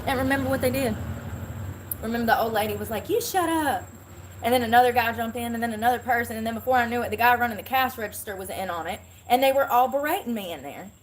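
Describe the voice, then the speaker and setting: A woman's voice: fairly high pitch, rapid-fire, slight background noise. A woman live-streaming an aggrieved, rambling rant into her phone. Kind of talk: ranting vlog monologue. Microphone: phone held for self-filming.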